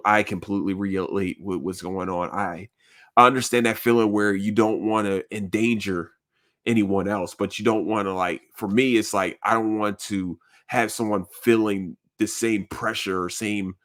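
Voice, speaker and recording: A man with a fairly low voice hosts a podcast in loose, casual chat. He rambles earnestly and talks in heavy slang, swearing freely as he works through his thoughts. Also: a bit bright. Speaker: podcast host.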